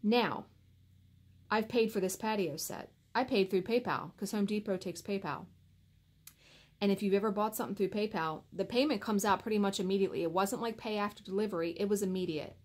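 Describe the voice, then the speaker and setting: Casual woman vlogger, animated and exasperated storyteller, medium pitch. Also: a little fast. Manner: animated, exasperated retelling with acted-out quotes. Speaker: cross stitch vlogger.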